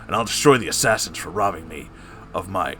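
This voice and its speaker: A man's voice: low voice, expressive, a little fast, a bit bright, soft background music, pitched below the performer's own voice. A man voicing a smug, mean-spirited male assassin father in a comedic story reading.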